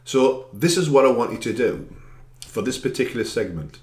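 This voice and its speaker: A man's voice: medium pitch, big pitch swings, normal speed, a little mellow, echoey room. A man working as an anxiety coach gives a direct, encouraging self-help talk, stressing chosen words with extra volume.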